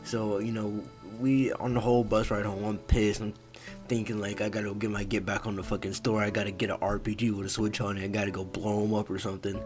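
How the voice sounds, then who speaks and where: Low, flat-voiced young man telling a story. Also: quick pace, faint music behind. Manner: laid-back, profane, full of fillers like "you know". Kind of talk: casual storytime narration.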